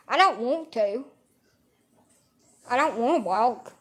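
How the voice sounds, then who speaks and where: A woman's voice: fairly high pitch, animated, takes it slowly, long pauses, a bit bright. Blunt woman, sarcastic and crude. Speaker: social media livestreamer. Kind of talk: casual rambling livestream talk. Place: in bed at home.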